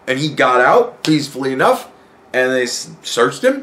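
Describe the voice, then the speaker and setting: A man hosting a podcast, telling a story in a casual, profane, animated rant and laughing often. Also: medium pitch, fairly quick, slight background noise. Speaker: podcast host.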